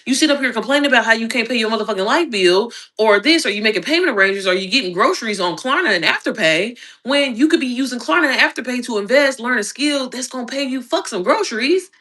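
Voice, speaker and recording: A woman's voice: animated, fast talker, few pauses, bright, forceful tone. A young adult woman from Indianapolis, Indiana, giving a blunt, profane, fired-up livestream pep talk as an online business coach. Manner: slides into high squeaky voices when mimicking others. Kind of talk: casual livestream rant.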